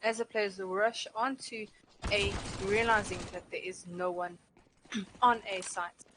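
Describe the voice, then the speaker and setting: A woman's voice: medium pitch, fairly even intonation, takes it slowly. A South African woman casting an esports match live, chatty and reading viewer messages aloud. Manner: chatty, code-switches, reads chat aloud. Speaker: esports caster. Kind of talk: live game commentary. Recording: faint background noise and clicks.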